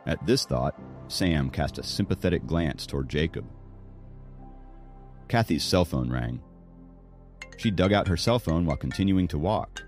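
A man narrating an audiobook with expressive storytelling. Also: a bass voice, unhurried, pauses often, soft background music. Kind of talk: scripted narration.

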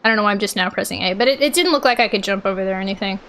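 A woman hosting a let's play, thinking aloud in a chatty, unsure way and often yelling out in excitement. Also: mid-range voice, very fast. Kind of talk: gaming commentary. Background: game music.

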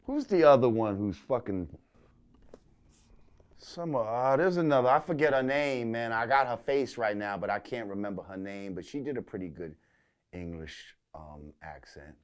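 A man's voice: fairly low pitch, normal speed, smooth. A man with a New York accent, a guest in a casual interview, telling a loose, profane story.

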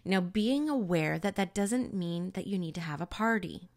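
Woman, spiritual medium, lowish voice, earnest, emphatic, casual teaching talk. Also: expressive, normal speed. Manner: earnest, emphatic, conversational with filler words; casual, occasional swearing for emphasis.

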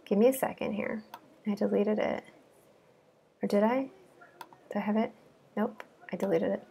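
A woman's voice: mid-range voice, normal speed, creaky, dark tone, breathy edge. A woman, a coding bootcamp student, chatting casually and giggling as she walks through her project. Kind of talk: casual screen-share walkthrough.

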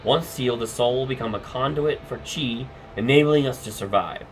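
A man's voice: medium pitch, a little hiss or hum, lightly acted. A man reading as a grave demon lord. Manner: slow, deliberate, commanding. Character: huge slow-spoken demon lord, stern and grave.

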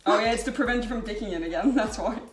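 A woman's voice: a little high, rapid-fire, natural voice. A woman playing a short-tempered, teasing teenage boy who scolds his friend in a cosplay skit, recorded in a home kitchen. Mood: exasperated. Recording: echoey kitchen with background music.

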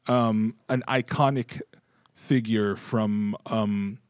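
A man's voice: on the low side, fairly even intonation, takes it slowly, clean tone, no echo. Guy hosting a podcast game, lots of ums and uhs, dry close mic. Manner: hesitant, lots of fillers. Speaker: podcast host. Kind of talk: casual group chat, running a game.

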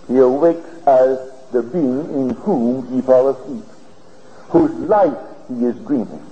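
A man giving a spiritual lecture, telling his story in an earnest, deliberate way, heard on an old archival tape. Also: medium pitch, mellow. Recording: old archival lecture tape, dull and hissy, in a reverberant hall.

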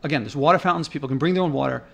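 Male vlogger, slightly high voice, indignant off-the-cuff commentary, rambling with restarts. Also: racing, vocal fry, a bit bright. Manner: thinking aloud, with restarts. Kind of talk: casual narrated commentary over park footage.

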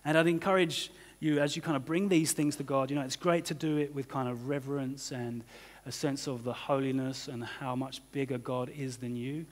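A man's voice: mid-range voice, fairly even intonation, normal speed, hardly any pauses. Conversational man preaching in a reverberant church. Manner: conversational, many "you know" and "kind of" fillers. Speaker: pastor. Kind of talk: sermon. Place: church hall.

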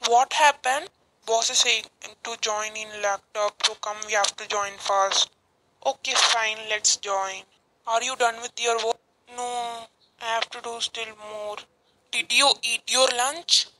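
A woman's voice: fairly high pitch, steady tone, measured pace, background noise. A woman who voices the office workers in a homemade cartoon, reading her lines plainly and simply. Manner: plain, simple line reading with short replies. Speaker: channel creator voicing the office workers.

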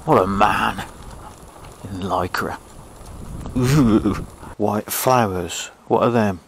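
A man's voice: on the low side, drawn-out words, vocal fry, a little hiss or hum, poor audio. Grumbling Englishman riding an e-bike. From England. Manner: chatty, grumbling, self-mocking. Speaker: vlogger. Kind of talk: casual running commentary while riding. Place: outdoors on an old railway path.

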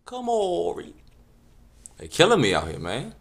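A man's voice: high voice, huge pitch swings, takes it slowly, creaky. A man telling a comic story in an exasperated, slangy rant. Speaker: comedic storyteller. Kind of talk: casual comedic rant.

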